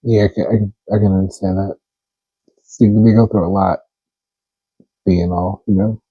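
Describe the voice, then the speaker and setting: A young man co-hosting a podcast, riffing with quick jokes and laughing often in casual chat. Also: low voice, fairly even intonation, husky, no room sound, muffled recording. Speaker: podcast co-host.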